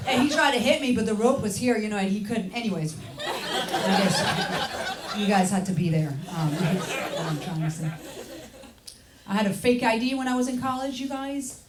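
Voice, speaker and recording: A young stand-up comedian born in France, whose first language is French, delivers deadpan stories on a comedy club stage, acting out the voices of the people in them. Her voice is a little high, her pace moderate. The roomy club recording carries a loud crowd and audience laughter.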